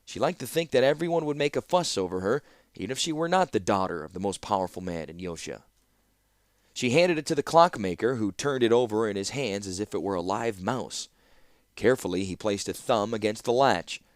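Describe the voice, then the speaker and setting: A man with a low voice narrates a fantasy tale with a great deal of rise and fall. His delivery is expressive and storytelling. The recording is dry and close. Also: no echo. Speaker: audiobook narrator.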